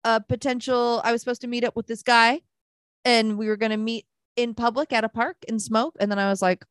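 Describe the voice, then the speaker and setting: A woman's voice: on the high side, fairly even intonation, a little fast, clear, resonant tone, no echo. A woman co-hosting a podcast, telling a dating story in casual chat and swearing freely. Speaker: podcast co-host.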